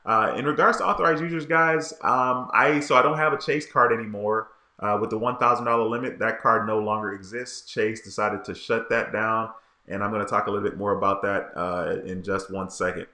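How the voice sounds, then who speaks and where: A man's voice: lowish voice, brisk, pushed and bright. A man hosting a casual livestream, reading viewer comments in a laid-back, frustrated, slangy way. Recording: echoey room.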